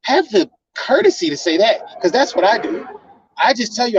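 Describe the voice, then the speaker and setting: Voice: medium pitch, sing-song, normal speed, muffled recording, slight background noise. Confrontational, profane ranting voice. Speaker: channel host. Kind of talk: heated rant at a partner.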